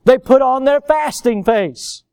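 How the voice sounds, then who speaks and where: A male pastor preaching a sermon, swinging between loud emphatic outbursts and low, quiet asides. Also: measured pace, gravelly, smooth, no room sound, clean studio sound. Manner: animated, swings from loud high exclamations to low quiet remarks.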